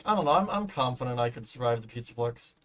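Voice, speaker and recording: A man's voice: medium pitch, lively intonation, quick pace, fairly bright tone. A man chatting casually on a live stream while building in a game, rambling, humming to himself and swearing offhand, his voice giving out.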